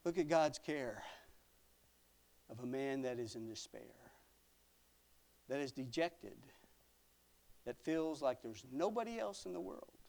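A man's voice: medium pitch, lively intonation, takes it slowly, vocal fry, long pauses. A man preaching a sermon, reading old scripture aloud and adding folksy asides, dropping to a near whisper at times. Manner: dramatic swings from loud to near whisper; folksy asides with small laughs.

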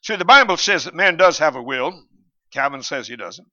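A man's voice: fairly high pitch, expressive, normal speed, bright, forceful tone. A man preaching a sermon, arguing his points emphatically and quoting scripture, with his volume rising and falling. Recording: dull lo-fi recording.

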